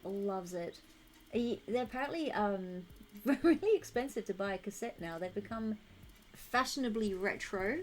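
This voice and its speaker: A woman's voice: mid-range voice, expressive, normal speed, slight background noise. A young woman streaming a game, chatting casually and thinking aloud while she answers her chat.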